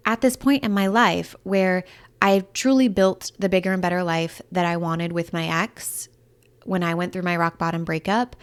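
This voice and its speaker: A woman in her thirties hosting a solo podcast, chatting in an upbeat, candid way with lots of fillers. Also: mid-range voice. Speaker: podcast host and breakup coach. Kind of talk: casual solo podcast talk.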